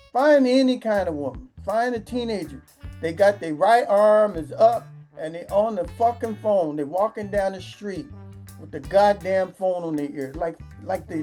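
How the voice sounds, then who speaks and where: A woman's voice: medium pitch, animated, a little slow, dark tone, faint music behind. A woman vlogger delivering a profane comedic rant, swearing constantly and acting out the people she complains about. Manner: crude, swearing, acts out quoted voices.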